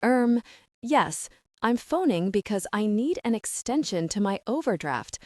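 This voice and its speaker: A woman's voice: medium pitch, big pitch swings, unhurried, a little mellow, dry recording, studio quality. A woman voicing a flustered, chatty young woman short on cash, eager and breathless.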